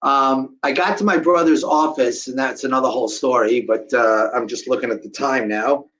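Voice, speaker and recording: A man's voice: mid-range voice, fairly even intonation, normal speed, a bit bright, rough recording. A middle-aged man giving a live storytelling talk to an audience, acting out the voices of the people in his story. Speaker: guest speaker telling a survivor story.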